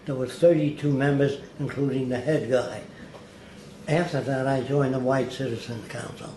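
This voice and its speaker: A plainspoken man tells anecdotes in an interview, wry and direct, slipping into the voices of the people he quotes. His voice sits at an ordinary middle pitch. The archive recording sounds roomy, with faint ambience underneath. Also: steady tone, normal speed, warm tone, a little hiss or hum.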